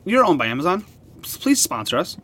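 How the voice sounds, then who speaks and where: A man hosting a casual comic-book podcast, retelling the story with excited, animated energy. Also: high-pitched, brisk, slightly rough. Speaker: podcast host.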